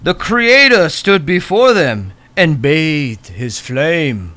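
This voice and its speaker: A man voicing a slow, grand prophetic herald of doom in a tabletop game. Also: on the high side, sing-song, pushed and bright, no room sound, voice pushed up, exaggerated voice. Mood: ominous. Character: booming prophetic herald of doom, male adult.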